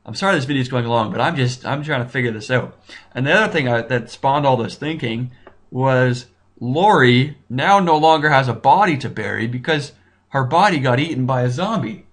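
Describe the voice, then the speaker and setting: Man, mid-pitched voice, casual show-review commentary, excitable, rambling, thinks out loud, frequent restarts. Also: moderate pace. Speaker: YouTube TV reviewer.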